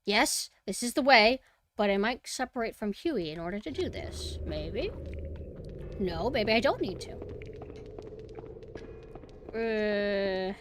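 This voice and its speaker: A young woman streaming a horror game, chatting casually and excitably as she plays. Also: mid-range voice, slight background noise. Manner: chatty, excitable, cheering her dog on. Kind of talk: casual gameplay commentary.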